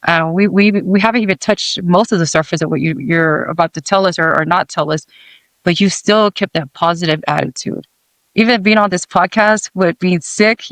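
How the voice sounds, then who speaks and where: High-pitched guy hosting a podcast, supportive, lots of ums, dry close mic. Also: fairly even intonation, normal speed, no room sound, poor audio. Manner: warm, supportive, with hesitant fillers. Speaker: podcast host. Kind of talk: podcast interview.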